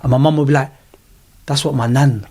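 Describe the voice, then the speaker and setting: A man's voice: medium pitch, a little fast. A middle-aged man, animatedly telling his personal story as an interview guest in casual chat. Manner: animated storyteller, London slang.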